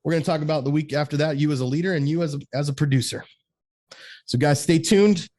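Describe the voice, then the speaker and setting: A male host speaks with emphatic conviction, stacking repeated phrases as he drives his points home. His voice sits on the higher side for a man. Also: fast, warm tone. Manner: emphatic, repeats words when building a point. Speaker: podcast host. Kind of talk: motivational talk to men.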